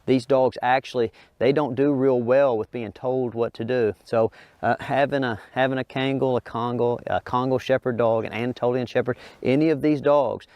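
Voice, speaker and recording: A middle-aged man, a dog trainer, explains to viewers and coaxes a big dog over an agility course with high, excited praise. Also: moderate pace, no echo, dull audio. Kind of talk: instructional talk while coaching a dog.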